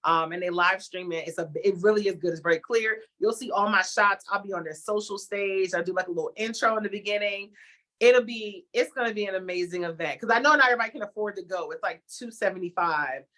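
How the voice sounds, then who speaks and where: A young adult woman, a TV host, chatting as an interview guest and telling a story with lively acted-out reactions. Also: mid-range voice, fast. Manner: animated storytelling, acts out her own reactions. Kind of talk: casual interview chat.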